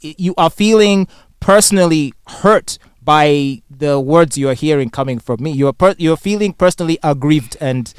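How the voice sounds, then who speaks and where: Ugandan-accented male co-host, composed and exact, smooth higher voice. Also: dry recording, clean studio sound. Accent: Ugandan English. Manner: measured, precise, lawyerly phrasing. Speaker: radio show co-host. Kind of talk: heated studio debate.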